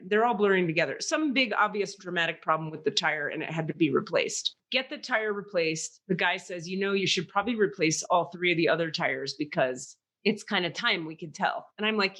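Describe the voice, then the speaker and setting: A woman's voice: mid-range voice, a bit bright. A woman co-hosting a podcast, telling a story in casual chat and acting out the voices she quotes. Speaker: podcast co-host.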